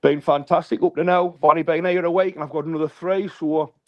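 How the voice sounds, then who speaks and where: Calling in to a live stream, a man with a northern English accent rants bluntly, swearing heavily and repeating himself. His fairly high voice is steady in tone and he talks fast, though the recording is muffled.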